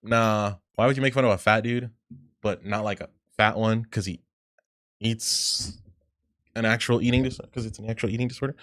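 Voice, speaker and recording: A man's voice: lowish voice, steady tone, normal speed, fairly bright tone, no room sound, studio quality. Rambling, profane male livestreamer. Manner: rambling, profane, reads chat aloud and reacts. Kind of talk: casual livestream chat while gaming.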